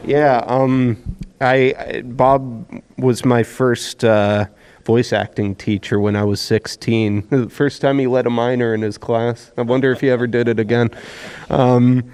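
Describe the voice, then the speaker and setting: Joking young-sounding voice actor on panel. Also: male voice, medium pitch, level tone, darkish tone, clean tone. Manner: joking, quick laughs, restarts. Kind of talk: casual panel chat. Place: convention panel room.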